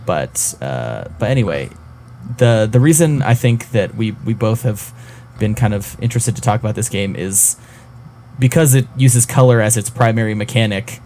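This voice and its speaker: Low-voiced man rambling on a podcast. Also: animated, normal speed, warm tone, slight background noise. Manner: rambling, hesitant, many fillers and restarts. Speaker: podcast co-host. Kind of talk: casual podcast chat.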